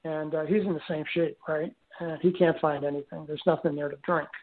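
A man's voice: on the high side, steady tone, a little fast. Guy rambling through a story on a phone line, lots of uhs and restarts, sounds tinny. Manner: rambling, with many fillers and restarts. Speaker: guest telling his story. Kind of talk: casual storytelling.

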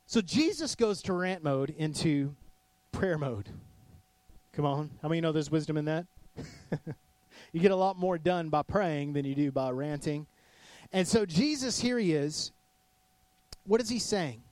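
A male pastor preaching a sermon in a casual, animated way, acting out voices in his stories. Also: fairly high pitch, measured pace, long pauses, no room sound. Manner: casual with many "like" fillers.

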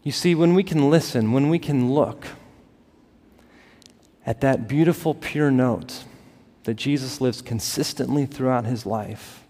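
A man preaching a sermon as pastor, building to emphatic peaks and dropping to soft, quiet lines. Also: mid-range voice, unhurried. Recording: long reverb of a large hall.

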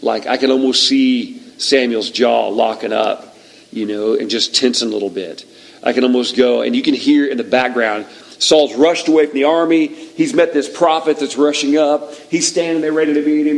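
A man preaching a sermon in a relaxed, conversational way, retelling a scripture story and acting out its moments. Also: mid-range voice, brisk, vocal fry, rough recording. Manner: conversational, animated storytelling that acts out the scene. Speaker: pastor.

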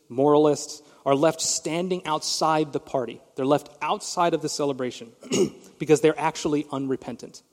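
A man's voice: a little high, darkish tone. A male pastor preaching a sermon, retelling a story with emphasis and speaking directly to his congregation. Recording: long reverb of a large hall.

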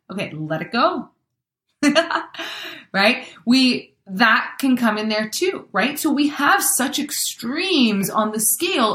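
A woman's voice: on the high side, a bit bright, echoey room. A woman giving a chatty motivational talk, acting out everyday scenarios with exclamations.

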